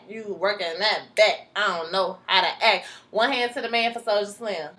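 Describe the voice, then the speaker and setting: A woman recapping a TV episode in casual chat, animated, acting out the characters' lines as she goes. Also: medium pitch, moderate pace, few pauses. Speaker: TV show recapper.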